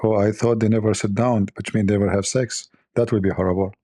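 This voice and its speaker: Host type: husky, low-voiced man, mocking and rambling as he jokes. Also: fairly even intonation, fast, dark tone, no room sound, studio quality. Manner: mocking, rambling, thinks aloud. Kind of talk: joking commentary.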